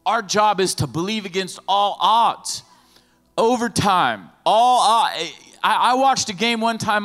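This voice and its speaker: A man preaching a sermon as pastor in an animated, lively way, often acting out the voices of the people in his stories. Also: high voice. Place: church sanctuary. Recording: long hall reverb with faint music.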